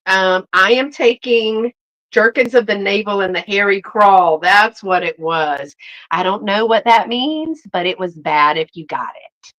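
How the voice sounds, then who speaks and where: A woman's voice: mid-range voice, measured pace, a bit bright, highs cut off. Lady rambling on her live stream, lots of ums, chatty and friendly, says hi to folks by name. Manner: rambling and chatty, many fillers, greets viewers by name. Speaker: host. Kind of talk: casual live-stream chat.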